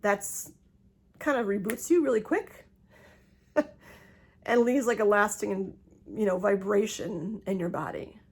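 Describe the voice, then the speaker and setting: Woman, middle-aged, casual home vlog, phone mic, chatty, laughs often, middle pitch. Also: a little slow, pauses often, breathy edge. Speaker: vlogger. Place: home, indoors.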